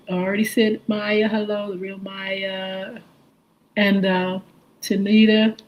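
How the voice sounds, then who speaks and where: A woman hosting a live morning stream speaks at a slow, unhurried pace in a mid-range voice. She greets each viewer by name in a friendly way and spells out usernames letter by letter. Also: mid-range voice, rough recording. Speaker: radio and livestream show host.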